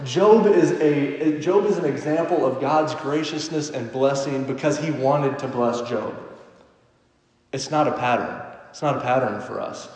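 A man in his late twenties delivers a sermon, moving between slow, emphatic scripture reading and casual, joking asides. His voice sits at an ordinary pitch for a man. The recording carries the roomy echo and long reverb of a church hall. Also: a little mellow. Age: late 20s. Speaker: preacher.

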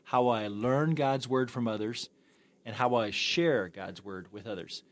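A man's voice: mid-range voice, normal speed. A man co-hosting a church podcast after a sermon, affirming his guest with enthusiasm and asking him questions. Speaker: podcast co-host. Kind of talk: post-sermon podcast discussion.

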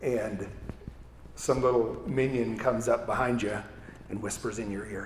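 Low-voiced man preaching in an echoey hall. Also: steady tone, a little slow, slight background noise. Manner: conversational, asks "right?" often, repeats words. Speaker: pastor. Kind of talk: sermon. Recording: echoey hall with faint ambience.

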